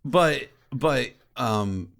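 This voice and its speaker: A man hosting a podcast in casual chat, excitable and stammering, with frequent swearing. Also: mid-range voice, very slow, creaky.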